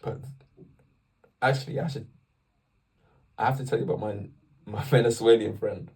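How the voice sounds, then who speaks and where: Young English man, husky, rambling faith vlog. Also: lowish voice, moderate pace, distant mic. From England. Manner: rambling, animated, self-interrupting. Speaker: vlogger. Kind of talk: casual faith talk to camera.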